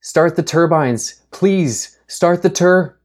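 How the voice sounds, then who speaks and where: A man voicing a stressed, determined young woman mechanic with a raised, strained pitch and urgent, breathless delivery. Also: steady tone, normal speed, darkish tone, natural voice. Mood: frantic. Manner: urgent and breathless under pressure.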